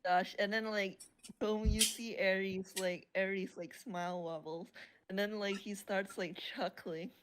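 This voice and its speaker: A woman's voice: medium pitch, fairly even intonation, a little slow. A woman narrating her character in a casual tabletop role-play, rambling with many fillers. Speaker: player and co-narrator.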